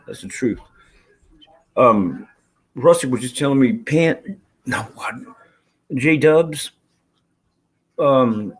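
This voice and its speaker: He has a husky, mid-range voice and runs a live stream where he talks loosely and profanely with viewers. His talk rambles across topics, and he reads chat messages out loud.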